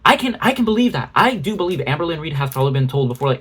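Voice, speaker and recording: A man's voice: on the high side, expressive, rapid-fire, few pauses, a bit bright, husky. A man doing a ranting commentary video, sarcastic and exasperated, with frequent swearing. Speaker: commentary YouTuber.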